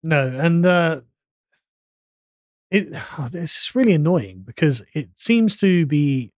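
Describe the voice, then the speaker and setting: A man hosts a podcast chat with a mellow, darker tone and a mocking, sardonic edge. His voice is recorded close and dry. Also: fairly high pitch, very animated, slow, no room sound. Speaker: podcast host. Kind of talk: casual discussion.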